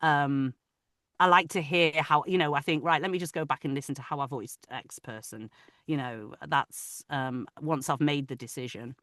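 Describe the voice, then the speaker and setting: Woman, audiobook narrator, bright forceful tone, dry close sound, animated chatty talk. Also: sits low, moderate pace, no room sound. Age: adult, parent of older children. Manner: animated, talkative, many restarts. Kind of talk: casual interview chat.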